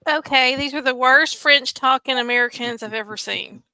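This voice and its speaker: A woman co-hosting a casual podcast, wry and quick to giggle. Her voice is bright and a bit high. The sound is dry and close. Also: smooth, no room sound, rough recording. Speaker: podcast co-host. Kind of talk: casual movie review chat.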